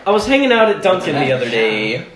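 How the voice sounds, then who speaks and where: A lively young man hosts a casual podcast, his voice swooping up and down as he tells a story and acts out the other people in it. He sounds a little higher than most men. The sound comes from a phone mic in an echoey room, with a faint hiss underneath. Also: fast, crowd noise. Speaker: podcast host. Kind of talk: casual group podcast chat.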